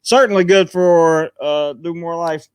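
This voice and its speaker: A man's voice: fairly high pitch, measured pace, smooth, dry recording. A man co-hosting a casual live-stream chat, easygoing and agreeable, talking with frequent fillers over a laptop setup. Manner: laid-back, agreeable, lots of fillers. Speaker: channel host. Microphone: laptop setup on a video stream.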